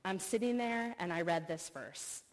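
A middle-aged woman, a professor, giving an earnest sermon full of personal stories and expressive retelling. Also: fairly low pitch, normal speed. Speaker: speaker, professor. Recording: long reverb of a hall.

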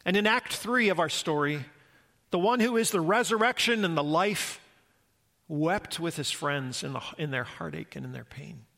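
A man's voice: on the high side, moderate pace, gravelly, pushed and bright. A man preaching a sermon as a pastor, earnest and reflective, posing rhetorical questions to the congregation.

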